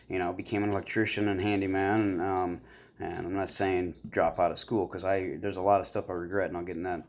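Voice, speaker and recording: Rambling low-voiced man. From US Midwest. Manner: rambling, full of fillers and self-deprecating asides. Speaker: YouTuber. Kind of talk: casual rambling vlog monologue.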